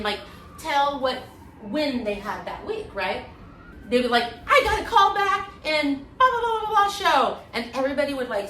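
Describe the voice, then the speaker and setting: A woman guest telling her story in a candid, animated way, acting out voices with many fillers. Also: on the high side, noisy background. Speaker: interview guest, former acting student. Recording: echoey room, voice from a distance.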